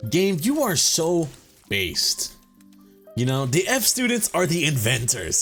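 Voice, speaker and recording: Very animated yet taking his time, this man has a mid-range, slightly bright voice as he hosts a let's play. He rambles, curses casually and leans on filler words, joking with a mock-serious swagger over faint game music.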